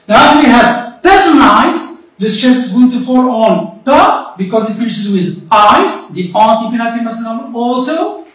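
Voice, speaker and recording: A woman teacher giving a remote English lesson, explaining slowly and deliberately and repeating herself often. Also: a little high, animated, fairly bright tone. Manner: slow, deliberate explaining with frequent repetition. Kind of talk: recorded remote classroom lesson. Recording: very echoey room, voice far from the mic.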